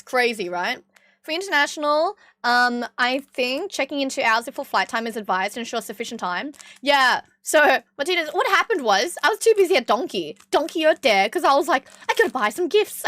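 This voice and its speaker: High-voiced Australian woman streamer. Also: brisk, no room sound. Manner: animated, swears freely, acts out voices in stories. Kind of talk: casual stream chat, storytelling.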